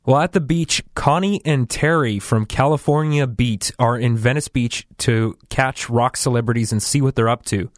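A man's voice: medium pitch, normal speed, few pauses, no room sound, clean studio sound. A man co-hosting a podcast in casual chat, recapping a cartoon episode and thinking aloud with hedges. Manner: easygoing, hedging, thinks aloud. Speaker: podcast co-host.

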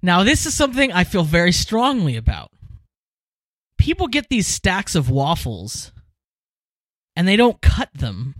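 A man hosting a podcast, chatting casually and explaining things with emphatic, animated enthusiasm. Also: high-pitched, a little slow, pauses often, dry recording. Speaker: podcast host. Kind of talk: casual chat.

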